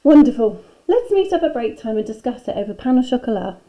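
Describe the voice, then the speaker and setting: A woman's voice: on the high side, big pitch swings, fast talker, dark tone, rough recording. A woman reading aloud as a prim, haughty woman teacher who adores everything French, in a children's storybook. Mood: gushing.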